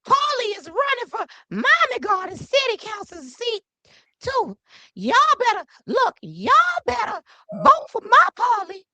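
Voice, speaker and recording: A woman voicing a boastful older woman politician who calls herself the queen, in a high, drawn-out, bossy manner. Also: sing-song, sharp tone, no echo, heavily acted. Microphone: studio mic.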